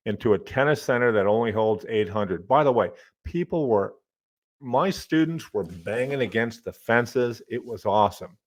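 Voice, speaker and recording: Speaking on the low side, this middle-aged man is a college professor running his own podcast. His stories come out casual and lively, peppered with occasional swearing and muttered asides while he messes with his desk mic.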